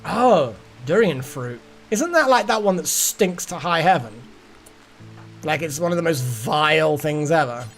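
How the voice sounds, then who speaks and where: A man's voice: on the high side, expressive, unhurried, faint music behind. A man streaming a game, rambling casually to his chat. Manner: rambling, chatty, talks to chat. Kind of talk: casual gameplay commentary.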